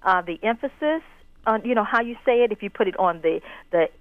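A woman's voice: medium pitch, expressive, brisk, no room sound. Woman on a tinny phone line. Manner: hesitant, searching for words. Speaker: caller. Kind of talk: radio call-in discussion.

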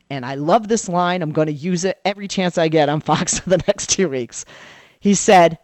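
A woman political commentator, a guest on a radio talk show, telling an animated story and acting out the dialogue she quotes. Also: on the low side, normal speed, no echo.

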